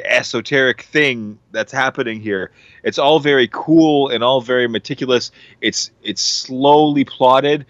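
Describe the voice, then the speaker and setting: A man's voice: medium pitch, fairly bright tone, no room sound, dull audio. A man on a casual podcast, rambling enthusiastically about a TV series with lots of fillers and restarts. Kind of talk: casual show recommendation.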